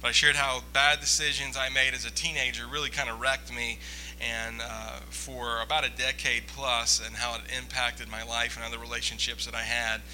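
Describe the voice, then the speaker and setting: A pastor preaches a sermon in a conversational way, joking with and teasing his congregation. His voice is medium-pitched, bright and forceful, with little pitch movement and a moderate pace, and the rough recording carries slight background noise.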